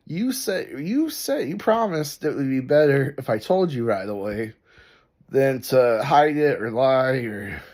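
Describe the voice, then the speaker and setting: A man voicing an adult wife with a high, wheedling falsetto as she confesses to cheating. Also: lively intonation, unhurried, darkish tone.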